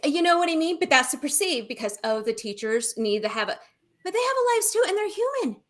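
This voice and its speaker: Brief: woman co-host, chatty storyteller, animated, slightly high voice. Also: fairly quick. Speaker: show co-host. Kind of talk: casual spiritual chat.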